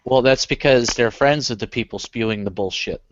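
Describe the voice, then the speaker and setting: A man's voice: medium pitch, moderate pace, no echo. A man from the United States in a casual chat, easygoing and agreeable, with lots of fillers. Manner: laid-back, agreeable, filler-heavy. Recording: dull, dry voice-chat audio.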